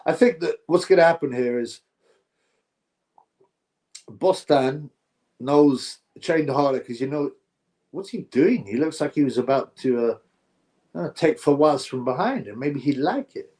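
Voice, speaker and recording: A man's voice: fairly high pitch, animated, measured pace, pauses often, warm tone. Blunt man hosting a live stream. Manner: blunt, opinionated, rambling banter with filler. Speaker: live-stream boxing host. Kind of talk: casual live-stream chat, reading viewer comments aloud.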